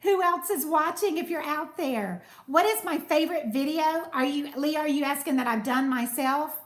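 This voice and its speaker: Chatty high-voiced woman live-streaming. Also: moderate pace. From United States. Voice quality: soothing voice. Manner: chatty, warm thanks to viewers, reads comments aloud. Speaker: cooking channel host. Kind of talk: casual live-stream chat. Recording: echoey room.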